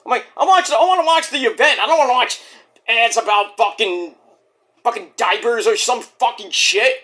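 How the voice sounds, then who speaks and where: A man's voice: very high voice, normal speed, bright, forceful tone. A man giving a casual, profane review of a wrestling show, ranting and acting out what people said. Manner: profane, ranting, acts out quotes.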